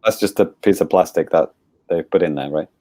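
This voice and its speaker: A man's voice: deep voice, brisk, mellow, a little hiss or hum. A man co-hosting a casual podcast, teasing the others with sarcastic remarks. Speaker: podcast co-host.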